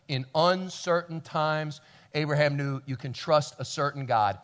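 A man preaching a sermon as a pastor in a church, animated, with stammering restarts, swinging between quiet and loud. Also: fairly high pitch, normal speed.

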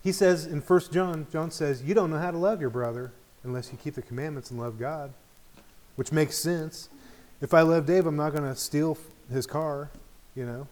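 A man's voice: a little high, fairly even intonation, moderate pace, a little mellow. Conversational man leading a Bible study. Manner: conversational, asks the group questions often. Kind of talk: informal Bible study teaching.

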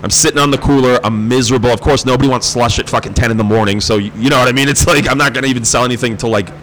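A man's voice: mid-range voice, rapid-fire, slight background noise, rough recording. A young man, swapping stories in casual, profane chat. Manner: profane, animated storyteller.

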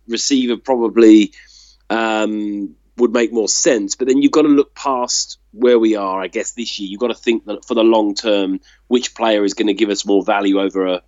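A man's voice: lowish voice, darkish tone, no echo, highs cut off. A man co-hosting a casual sports chat, talking in loose, rambling runs full of fillers. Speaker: podcast co-host.

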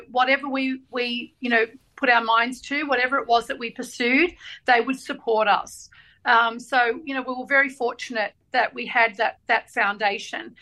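Guest author: a high-pitched Australian woman, animated and chatty, acting out the people in her stories. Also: poor audio. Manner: animated storyteller, acts out voices in anecdotes. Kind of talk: casual chat.

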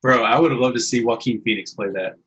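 A man's voice: medium pitch, quick pace, fairly bright tone, lo-fi sound, slight background noise. A man co-hosting a casual comedic podcast, laid-back and teasing, calling the others bro. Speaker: podcast co-host.

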